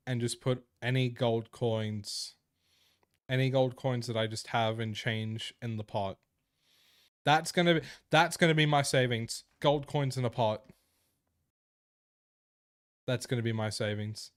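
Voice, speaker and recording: A man's voice: medium pitch, measured pace, clean tone, dry recording, studio quality. A young man chatting casually with viewers on a live stream, crude and joking. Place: indoor room.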